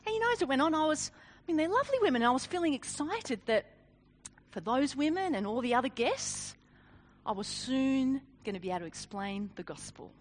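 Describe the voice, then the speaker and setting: A woman giving a sermon, telling a personal story in an animated, self-deprecating way with frequent laughs. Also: high voice, fairly quick, slight background noise. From Australia. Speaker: speaker.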